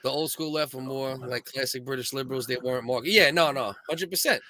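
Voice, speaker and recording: A man's voice: mid-range voice, a little fast, bright, forceful tone, no room sound. A man co-hosting a casual chat, earnest and rambling, with many restarts. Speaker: podcast co-host.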